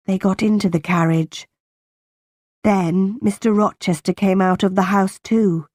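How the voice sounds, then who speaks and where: A woman narrating a simplified audiobook in a slow, plain and deliberate reading voice. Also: mid-range voice, fairly even intonation, darkish tone, no room sound, clean studio sound. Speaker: audiobook reader.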